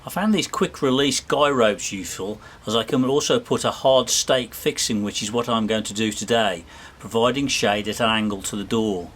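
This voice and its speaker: A man's voice: on the low side, normal speed, hardly any pauses, a bit bright. A man from the UK vlogging his van trip, chatting casually with lots of fillers and restarts. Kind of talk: casual travel chat and voice-over. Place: outdoors in a French town. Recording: noisy outdoor sound.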